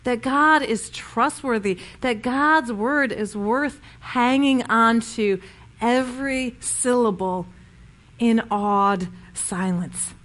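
A woman preaching a sermon in a relaxed, conversational way. Her voice sits a little high for a woman. She tells stories and often restarts her sentences. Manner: conversational storytelling with many restarts.

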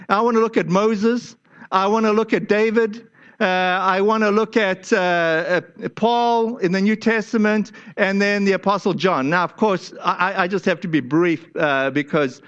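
A man's voice: sits high, a bit bright, highs cut off. A male pastor preaching a sermon in a conversational way, with frequent fillers and restarts.

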